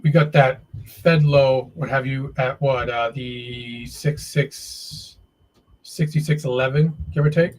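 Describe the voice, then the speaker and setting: A man's voice: medium pitch, fairly even intonation, slow pace, rough recording. A man hosting a live day trading stream, talking to himself and viewers as he trades, often frustrated and swearing.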